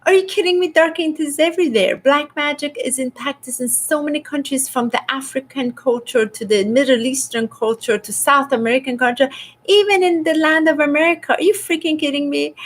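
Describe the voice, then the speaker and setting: Animated woman hosting a spiritual livestream. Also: moderate pace. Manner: animated, rises in pitch when exasperated. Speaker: spiritual host reading live chat. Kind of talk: casual livestream talk.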